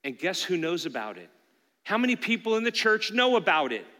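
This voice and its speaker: Bright-voiced man preaching in a reverberant church. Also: high voice, very animated, fairly quick. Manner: earnest, conversational preaching to a congregation. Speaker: pastor. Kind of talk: sermon. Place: church sanctuary. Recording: long hall reverb from a church room.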